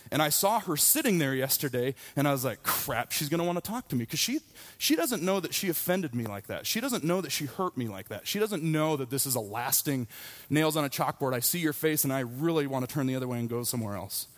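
A man's voice: medium pitch, big pitch swings, fairly quick. A man in his thirties, a pastor, preaching a sermon in a candid, conversational storytelling way. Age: 30s.

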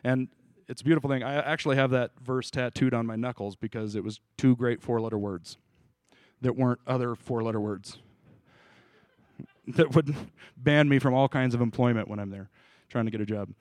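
In a steady, slightly mellow, medium-pitched voice, a male pastor preaches at a moderate pace with no echo. The sermon is informal and casual; he asks his group questions and restarts now and then.

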